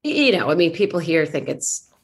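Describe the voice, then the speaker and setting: A woman's voice: low-pitched, big pitch swings, fairly quick. A woman voice actress chatting in an interview, playful and self-mocking, often restarting her sentences. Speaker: voice actress guest. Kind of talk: casual interview chat.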